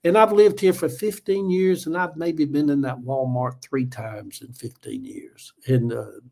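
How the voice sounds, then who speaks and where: A middle-aged man with a Georgia Southern drawl talks loosely to his viewers and wanders from story to story. His voice sits somewhat high for a man, and he reads comments aloud in an easy, folksy way. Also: a little slow, vocal fry, warm tone. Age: 40s or older. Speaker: livestream host. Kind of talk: casual livestream chat.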